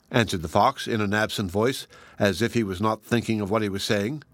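A man narrating a fairy tale in a measured, plain storytelling voice. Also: on the low side, fairly bright tone, no echo.

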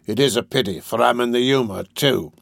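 A man reading an audiobook, voicing a gruff, bullying male robber who snaps out his lines. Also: medium pitch, fairly quick, fairly bright tone, dry recording, clean studio sound. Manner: gruff, snapping.

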